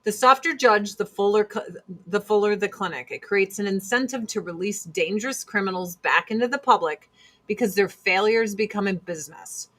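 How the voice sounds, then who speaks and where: A woman's voice: mid-range voice, fairly bright tone. A woman hosting a casual monologue chat, blunt and emphatic, repeating her points for force. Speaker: host.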